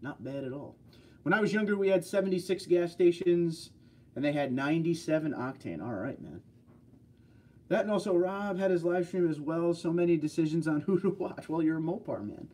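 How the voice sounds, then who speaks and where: Husky-voiced man chatting on a livestream. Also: a little high, lively intonation, brisk, darkish tone. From New York. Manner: rambling, chatty, talks straight to viewers. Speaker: livestream host. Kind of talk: casual livestream chat answering viewer comments.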